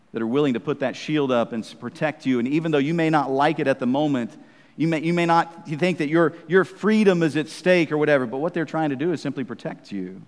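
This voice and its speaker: A man preaching a sermon in a conversational, emphatic way, swinging between loud and soft. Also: fairly high pitch, in a large hall.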